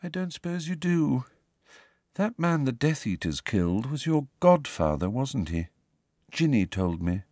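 A man voicing a dreamy, serene teenage girl witch in an audiobook, calm and matter-of-fact. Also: mid-range voice, a little slow, no room sound, studio quality, pitched above the performer's own voice.

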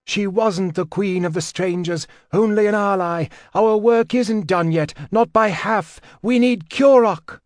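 Guy putting on a high-pitched commander mage yelling orders, dry close sound. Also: a little slow, few pauses, no room sound. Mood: urgent. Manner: raised and forceful, insistent.

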